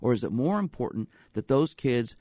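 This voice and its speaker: A man's voice: mid-range voice, very animated, normal speed, mellow, no echo, clean studio sound. A man hosting a radio show as a sports psychologist, talking in an emphatic way with repeated rhetorical questions. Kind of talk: radio talk monologue.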